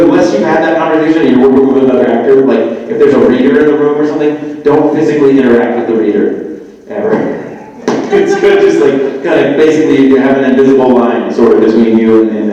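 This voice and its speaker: A man's voice: medium pitch, mellow. A man chatting as a guest on a live panel, rambling with lots of fillers and restarts. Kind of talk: casual live panel chat. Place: live festival stage in a large hall. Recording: echoey hall, far from the mic, lo-fi.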